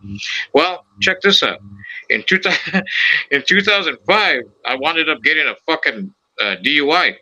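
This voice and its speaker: A man's voice: on the high side, moderate pace, rough recording. A man hosting a podcast, telling stories in casual chat, swearing freely and acting out the voices of the people he quotes. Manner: animated, profane, acts out quoted voices. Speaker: podcast host.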